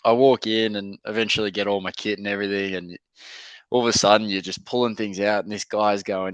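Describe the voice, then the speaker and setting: Laid-back young man, smooth low voice. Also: flat delivery, brisk, dry recording. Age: young adult. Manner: laid-back, chatty, lots of fillers and mates' slang. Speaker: podcast guest, rugby league player. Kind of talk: casual interview storytelling.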